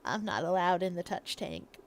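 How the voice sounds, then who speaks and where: A woman streaming a game, chatting casually in a rambling, playful way, with sudden loud, silly bursts. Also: lowish voice, huge pitch swings, moderate pace. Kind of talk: casual gaming livestream chat.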